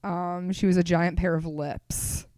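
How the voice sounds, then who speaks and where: A woman's voice: on the low side, fairly even intonation, warm tone, dry recording. Bantering woman comedy podcast co-host. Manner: joking, teasing, quick to laugh.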